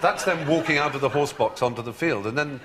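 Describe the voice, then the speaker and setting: A man's voice: mid-range voice, fairly quick, a crowd in the background. A man as a talk show guest, telling stories in a wry, theatrical way with frequent laughter. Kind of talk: anecdotal chat.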